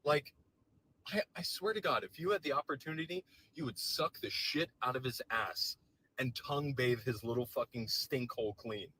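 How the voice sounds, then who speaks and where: A man's voice: medium pitch, moderate pace, sharp tone, slight background noise, low-quality recording. A man delivering a heated, profane and sarcastic political rant to camera, visibly agitated. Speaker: political commentator.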